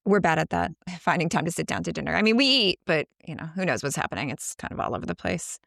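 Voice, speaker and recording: A woman's voice: fairly low pitch, sing-song, fast talker, gravelly, a bit bright, dry recording, studio quality. A woman co-hosting a podcast, chatting enthusiastically about a film, analyzing it and laughing often. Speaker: podcast co-host. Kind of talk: casual movie discussion.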